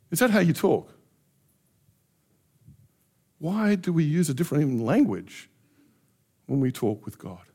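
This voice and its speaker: A middle-aged pastor preaching a sermon with passion, acting out heartfelt prayers in changing voices. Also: male voice, sits high, sing-song, normal speed. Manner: impassioned, acts out prayers in shifting voices.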